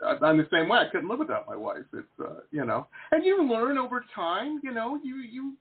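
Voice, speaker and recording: A man's voice: very high-pitched, big pitch swings, a little fast, husky. A man hosting an interview over a video call, chatty, jokey and rambling. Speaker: host, painter. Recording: tinny phone-like call audio.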